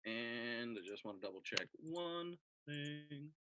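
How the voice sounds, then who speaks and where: A man playing a tabletop game, calling out his rolls in casual chat and getting loud when excited. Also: medium pitch, takes it slowly, slight background noise. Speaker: player.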